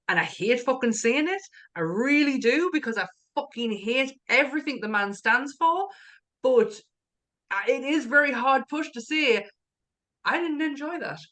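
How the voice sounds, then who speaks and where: A woman's voice: on the high side, pushed and bright. A woman co-hosting a casual podcast chat, candid and sweary, laughing often. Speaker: podcast co-host.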